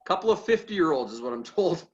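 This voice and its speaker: A man's voice: on the high side, sing-song, a little fast. A man co-hosting a sports podcast, telling a story in short, clipped sentences. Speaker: podcast co-host. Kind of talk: casual sports talk storytelling. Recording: dull lo-fi remote audio.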